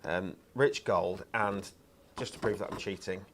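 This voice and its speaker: A man's voice: sits low, a little slow, noisy background. A man presenting craft products on a live shopping show, chatty and enthusiastic, with lots of ums and uhs.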